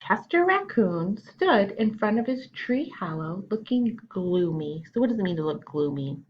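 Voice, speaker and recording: A woman's voice: mid-range voice, very animated, a little slow, dull audio. A woman teacher reading a children's picture book aloud, asking the children questions and explaining words as she goes. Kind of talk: children's storytime read-aloud.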